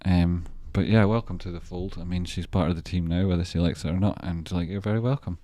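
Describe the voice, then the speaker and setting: A man's voice: low-pitched, fairly even intonation, fairly quick, mellow, dry recording. A man hosting a trading livestream, chatting casually and rambling as he jokes and reacts to viewer messages.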